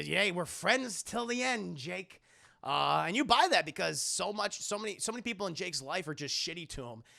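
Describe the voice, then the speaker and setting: A young man recapping a show on a live stream, profane and animated, talking to his chat. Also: on the high side, vocal fry, no room sound, clean studio sound.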